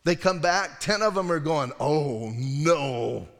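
Man, pastor, sermon, conversational, somewhat high pitch, acts out voices, long hall reverb. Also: normal speed, fairly bright tone. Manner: casual conversational preaching, acts out voices in stories.

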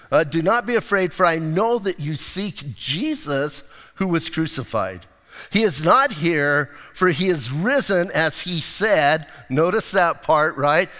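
A male pastor preaching a lively, conversational sermon and acting out quotes as he goes. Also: fairly high pitch, big-room sound.

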